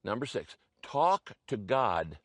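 A man's voice: fairly low pitch, sing-song, takes it slowly, dry recording, clean studio sound. A man preaching a sermon in a conversational teaching manner, often repeating himself and checking in with his listeners. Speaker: pastor.

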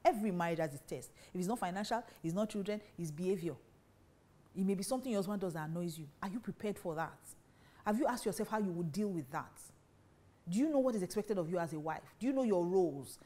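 A woman's voice: medium pitch, darkish tone. A woman teaching on marriage in a preaching style, emphatic and full of rhetorical questions. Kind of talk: preaching talk to women.

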